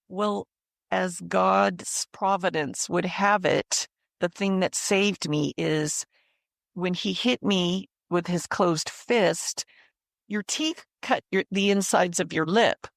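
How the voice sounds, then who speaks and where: Slow, gravelly older woman telling her story. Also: fairly low pitch, no echo, studio quality. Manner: slow, earnest storytelling with repeated phrases. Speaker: interview guest. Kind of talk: personal testimony in interview.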